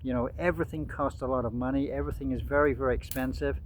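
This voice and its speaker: A man's voice: medium pitch, fairly even intonation, fast talker, slight background noise, rough recording. Rambling man in his sixties. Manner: rambling, with frequent fillers and restarts. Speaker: vlogger. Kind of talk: casual rambling commentary.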